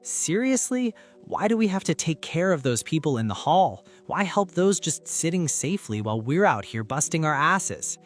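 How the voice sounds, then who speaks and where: A man's voice: normal speed, hardly any pauses, soft background music, lightly acted. A man doing a panicky cowardly young guy. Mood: indignant. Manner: nervous, rising to shrill yelling.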